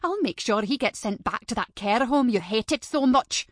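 A woman's voice: fairly high pitch, animated, normal speed, no room sound, clean studio sound, lightly acted. A woman voicing a spiteful, bullying older female teacher with a stern, contemptuous way of scolding. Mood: threatening.

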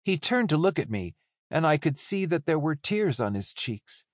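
A man narrating a first-person audiobook in a calm, measured storytelling manner. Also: a little high, dry recording, studio quality.

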